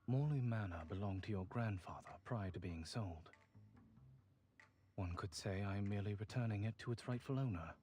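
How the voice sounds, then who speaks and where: A man's voice: on the low side, a little mellow, soft background music, lightly acted. An actor with a British accent playing a stiff, formal, wealthy young nobleman in a story game. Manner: formal, measured and aloof.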